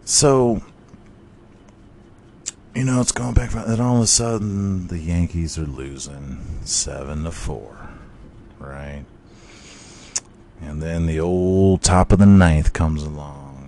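A man with a low voice tells a story in a loose, casual way, cursing often and rushing ahead when he gets excited. It sounds like a podcast host talking freely. A faint ambient noise sits behind his voice. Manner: profane, excitable, rambling.

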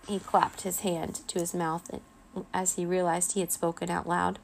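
Gravelly low woman reading a storybook. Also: little pitch movement, moderate pace, a little hiss or hum. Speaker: narrator.

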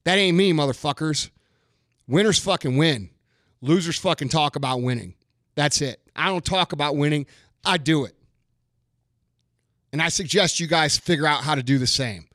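Male host ranting into the mic, profane and blunt, high bright voice, dry sound. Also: normal speed, pauses often, no room sound. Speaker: podcast host. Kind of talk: ranting monologue.

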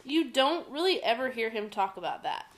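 A woman co-hosts a casual podcast, trading quick backchannels and joking asides. Her voice sits somewhat high. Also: expressive, slight background noise. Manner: chatty, quick backchannels and jokes. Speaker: podcast co-host.

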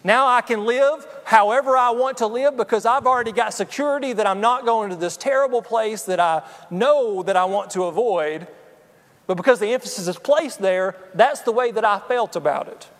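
A man's voice: high voice, normal speed, big-room sound. A man preaching a sermon in an earnest, personal way, often checking in with the congregation. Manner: earnest, personal, addresses the congregation with frequent "okay?". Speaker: pastor.

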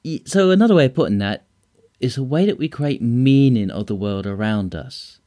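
A man hosting his own podcast, explaining ideas and telling short stories in a relaxed, conversational way with asides. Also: mid-range voice, normal speed, no echo, studio quality. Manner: relaxed, storytelling, with fillers and asides. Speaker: podcast host and trainer. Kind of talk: casual solo podcast teaching.

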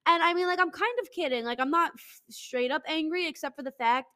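A young woman hosting a podcast on a headset at her desk, ranting in a profane, animated, mock-angry way. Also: high-pitched, a little fast. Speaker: podcast host. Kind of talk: casual comedic rant. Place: home desk.

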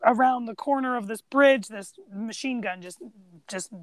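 A woman co-hosting a podcast in casual chat, retelling film scenes as an animated storyteller who acts out the quotes. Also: fairly high pitch, moderate pace, no echo. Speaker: podcast co-host.

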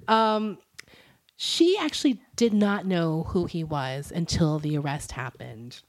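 A woman's voice: fairly low pitch, animated, unhurried, pauses often, a little mellow. A woman co-hosting a podcast, telling a story in casual chat, giggly and full of "um" and "like". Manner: giggly, breaks off with laughs and apologies; chatty, many fillers like "um" and "like". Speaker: podcast co-host.

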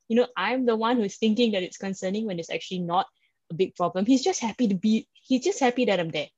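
A chatty woman with a Singaporean English accent, talking casually as a podcast co-host and tossing in "like" and "right?" constantly. Her voice sits at a middling pitch. The recording is dry and a little dull, with no room sound. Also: quick pace, husky, no room sound. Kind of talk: casual chat.

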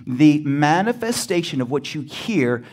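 A male pastor preaching a sermon, emphatic and often rising to near-shouted exclamations, calling out to the congregation for a response. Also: on the high side, sing-song, measured pace.

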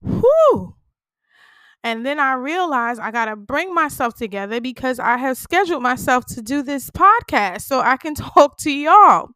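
A woman's voice: sits high, animated, normal speed, hardly any pauses, bright, forceful tone, clear, resonant tone, dry recording. Candid woman podcaster, dry close sound. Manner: candid, emotional, addresses listeners as y'all. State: shaken, close to tears. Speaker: podcast host. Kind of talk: personal podcast talk.

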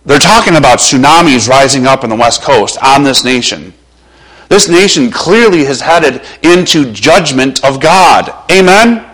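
A male pastor preaching a sermon with passion, moving between loud urging and hushed, quiet passages, his voice a little strained. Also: mid-range voice, animated, measured pace, rough recording.

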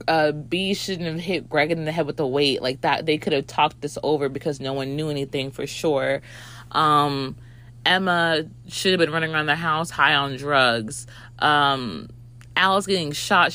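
Woman, twenties, casual storytelling, animated, profane, slightly low pitch. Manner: animated, profane, acts out quoted voices. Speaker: movie reviewer. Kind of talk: casual storytelling and movie review.

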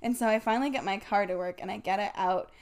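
A woman's voice: mid-range voice, quick pace. A woman in her twenties, co-hosting a podcast, telling a long story in casual chat. She rambles, swears often and laughs as she talks. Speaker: podcast co-host.

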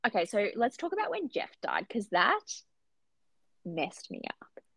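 A woman co-hosting a casual book podcast, animated and gushing, swearing freely as she talks. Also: medium pitch, a little slow, husky, dry recording. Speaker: podcast co-host.

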